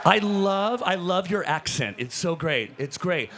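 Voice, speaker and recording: Gravelly, high-pitched hype man. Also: animated, measured pace, noisy background. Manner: enthusiastic, hype, shouting to crowd. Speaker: hype host, roaming reporter. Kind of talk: energetic crowd interviewing. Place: convention show floor.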